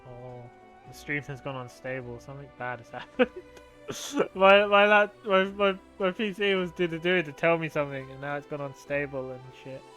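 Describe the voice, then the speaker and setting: A man's voice: mid-range voice, brisk, fairly bright tone, soft background music. A man streaming a game, chatty and giggly, swearing casually as he plays. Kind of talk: casual live-stream commentary.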